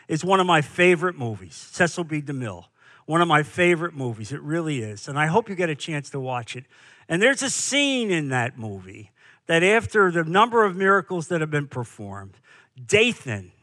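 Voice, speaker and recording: A man's voice: on the high side, bright, forceful tone. A man preaching a sermon as pastor, emphatic, with rhetorical questions and repeated phrases.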